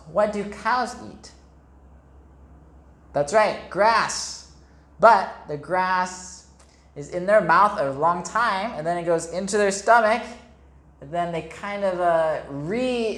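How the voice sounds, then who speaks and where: A man's voice: high voice, animated, takes it slowly, fairly bright tone. A man, an English teacher, reads a picture book aloud to young children, explaining words simply and asking them questions. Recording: echoey room.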